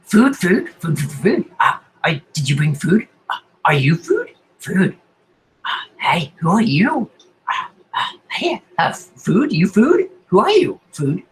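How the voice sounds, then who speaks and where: A man's voice: high voice, huge pitch swings, slow, slightly rough, pitched above the performer's own voice, exaggerated voice, low-quality recording. A man voicing a crazed, hungry creature that speaks into people's minds, muttering and repeating itself in a half-whispered, sporadic way. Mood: manic.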